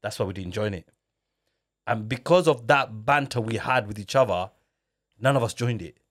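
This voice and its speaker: A man hosting a podcast, telling stories in casual slangy chat with quick laughs. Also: on the low side, lively intonation. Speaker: podcast host.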